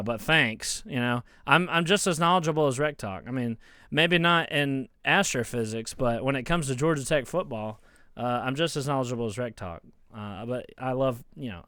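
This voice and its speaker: A man's voice: mid-range voice, a bit bright, smooth, dry recording, clean studio sound. A man ranting as a college football fan YouTuber, heated and mocking, often stammering and restarting, recorded on his phone. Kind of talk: casual ranting vlog.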